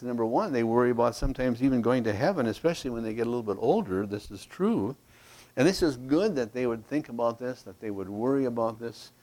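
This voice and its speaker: With a mid-range, somewhat dark voice, a man preaches a verse-by-verse sermon to his congregation. He reads Scripture aloud and checks in with the people listening.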